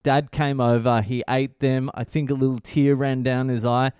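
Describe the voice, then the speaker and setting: A tired man rambles through a story on his solo podcast, swearing at every turn and sounding exasperated. His voice sits in an ordinary middle pitch. The recording is dry and close, with no room sound. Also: little pitch movement, normal speed, a little mellow, clear, resonant tone, dry recording. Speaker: podcast host, comedian. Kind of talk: casual solo monologue.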